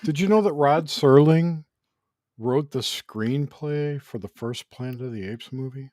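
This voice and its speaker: A woman's voice: extremely low pitch, a little slow, warm tone, no echo. A woman co-hosting a casual podcast, dropping short dry remarks into the talk. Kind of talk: casual chat.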